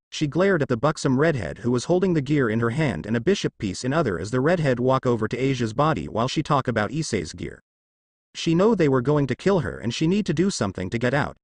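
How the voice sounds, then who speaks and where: A man's voice: mid-range voice, no room sound. A man narrating fan fiction aloud in a plain reading manner.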